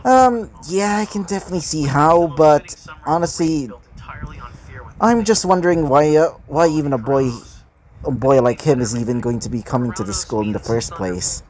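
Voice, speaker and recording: A man's voice: fairly high pitch, moderate pace, a little mellow, lightly acted, low-quality recording. A man voicing a brash young female student in a fan story reading, barely changing his own voice. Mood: skeptical.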